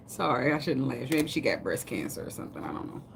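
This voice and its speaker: A woman's voice: rumbling low, big pitch swings, a little fast, vocal fry, a little hiss or hum. A woman giving a casual tarot reading, cursing, joking and laughing between cards. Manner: loud, laughing, profane, joking asides. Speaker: tarot reader.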